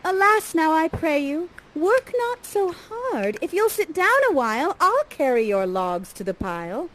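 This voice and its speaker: A woman's voice: very high voice, big pitch swings, a little slow, a bit bright, voice pushed up, heavily acted, low-quality recording. A woman voicing a young, innocent noblewoman who speaks verse breathlessly in improvised interactive theatre. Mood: wonder-struck. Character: young innocent noblewoman, eager and wonder-struck.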